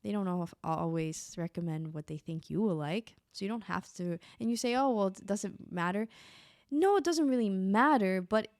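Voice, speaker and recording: A woman's voice: mid-range voice, lively intonation, normal speed, few pauses, a little mellow, no room sound, clean studio sound. A woman hosting a podcast, giving casual self-help talk in a rambling, distracted way with frequent restarts, recorded in her apartment. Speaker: podcast host.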